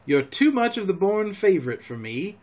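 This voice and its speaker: A man voicing a blunt old sea captain who speaks gruffly and plainly. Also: high voice, very animated, moderate pace.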